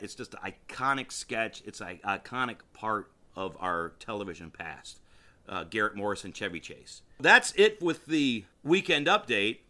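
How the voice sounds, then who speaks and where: A man talks on his own podcast in a loose, enthusiastic ramble. His voice is bright and forward, and he often breaks off mid-sentence to start over. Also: medium pitch. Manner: rambling and enthusiastic, with frequent restarts. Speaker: podcast host. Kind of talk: casual solo podcast commentary.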